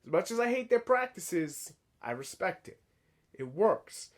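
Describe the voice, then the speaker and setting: A man talks straight to his viewers in a loose, rambling opinion piece. His voice sits high and swings widely, and he swears casually and stumbles into restarts as he talks. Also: big pitch swings, measured pace. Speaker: channel host.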